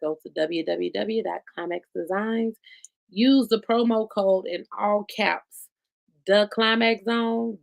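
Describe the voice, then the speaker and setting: Slow, gravelly woman hosting a podcast. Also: medium pitch, darkish tone. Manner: slow, loose and gravelly, chatty asides to viewers. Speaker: podcast host. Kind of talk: casual live-stream chat.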